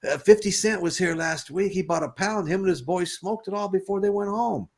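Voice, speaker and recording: A man's voice: sits high, a little fast, darkish tone, pitched above the performer's own voice. A man voicing a friendly but pushy male bartender hustler who keeps coaxing. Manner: coaxing, insistent.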